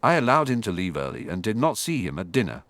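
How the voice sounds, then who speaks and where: A man plays a small, fussy old professor, polite and precise. The voice moves lively up and down. It sounds close and dry. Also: fairly low pitch, quick pace, no room sound. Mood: apologetic. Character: small fussy older male charms professor.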